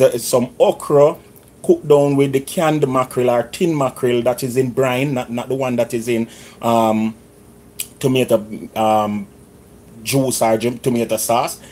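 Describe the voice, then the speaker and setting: A middle-aged Jamaican man with a medium-pitched, slightly dark voice chats casually in his kitchen for a home cooking vlog. He's a cooking vlogger who drifts into patois phrasing as he talks.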